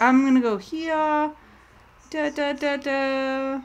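High-voiced jittery woman streaming a game. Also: fairly even intonation, slow. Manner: jittery, rambling, often panics and yelps. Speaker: gaming streamer. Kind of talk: live gameplay commentary.

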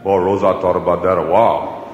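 A man's voice: low-pitched, steady tone, fairly quick, a little mellow, highs cut off. A man with a Cajun accent telling a comic story in a folksy drawl. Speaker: comedian. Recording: echoey hall with music.

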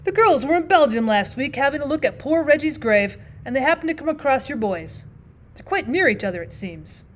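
A woman's voice: sits high, sing-song, a little fast, a little hiss or hum. A woman voicing a feeble, tearful old man who pipes and quavers in a thin voice as he chats on. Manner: piping, quavering.

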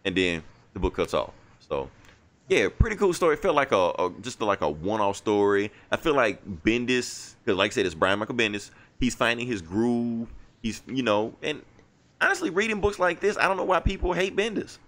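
A man's voice: mid-range voice, big pitch swings, moderate pace, fairly bright tone. A man co-hosting a podcast, casually recapping a comic book in a loose, rambling way. He acts out the dialogue in quotes and swears now and then. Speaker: podcast co-host reviewing comics.

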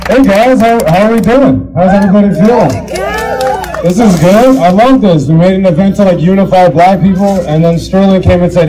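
A man from Lethbridge, Canada, doing stand-up and talking loudly and energetically to the crowd. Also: high voice, sing-song, a little slow, pauses often, rough recording. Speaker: stand-up comedian. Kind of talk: stand-up comedy. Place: live comedy show. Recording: live show with audible audience.

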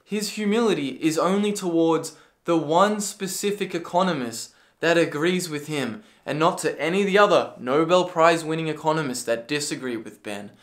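A man's voice: on the high side, normal speed. Sarcastic, swearing male ranter. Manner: sarcastic, profane, bursts into yelling. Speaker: political commentary video creator. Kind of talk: ranting commentary.

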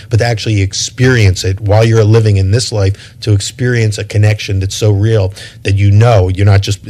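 A middle-aged man speaking reflectively as an interview guest, pausing and restarting his phrases as he thinks. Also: fairly low pitch, dark tone. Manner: thoughtful, many restarts and repeated words.

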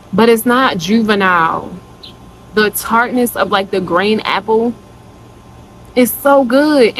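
A woman's voice: mid-range voice, a bit bright, a little hiss or hum, low-quality recording. A woman vlogger chatting casually to her viewers in a product review, gushing and calling them y'all.

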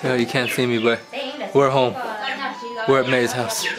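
A man's voice: mid-range voice, level tone, moderate pace, loud music behind the voice. A man vlogging a trek and a party at a friend's home, laughing and playful, drunk as the day goes on. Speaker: travel vlogger. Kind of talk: casual vlog. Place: outdoors on a mountain trek, then a crowded home.

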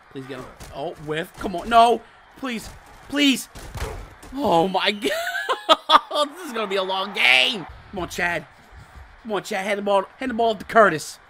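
A man doing casual, slangy commentary over a football video game, muttering low one moment and shouting with excitement the next. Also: slight background noise. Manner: casual slangy trash talk. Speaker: gaming channel host. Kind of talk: live gameplay commentary.

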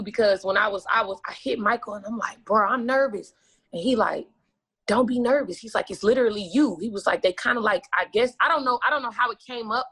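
A woman's voice: mid-range voice, sharp tone, husky. A woman guest telling stories in casual, profane chat, acting out her own past lines and laughing often.

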